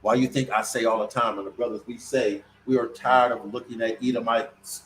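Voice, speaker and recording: A man giving an informal scripture sermon in casual slang, swinging between loud emphatic bursts and low mutters and drawing words out slowly. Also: steady tone, a little hiss or hum, low-quality recording. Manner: stretches words out slowly for effect. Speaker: preacher.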